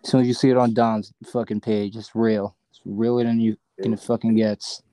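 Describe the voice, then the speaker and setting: A man's voice: lowish voice, level tone, a little fast, mellow, no echo, rough recording. A young man, a podcast guest, telling a story in slangy, profane casual chat.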